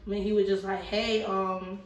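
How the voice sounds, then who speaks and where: A woman's voice: mid-range voice, level tone, moderate pace. A woman in her twenties, a podcast guest, telling stories in casual slangy chat and acting out the voices in them. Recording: roomy echo, mic at a distance, faint ambience.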